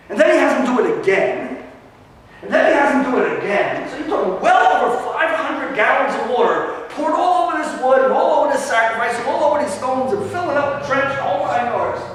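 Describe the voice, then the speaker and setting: A man preaches a sermon, retelling a story with lively swings between hushed asides and loud emphasis. His voice sits high for a man. It carries through a long, echoing church hall, picked up from a distance with faint ambience behind it. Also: slight background noise. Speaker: pastor. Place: church sanctuary. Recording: echoey church hall from far off.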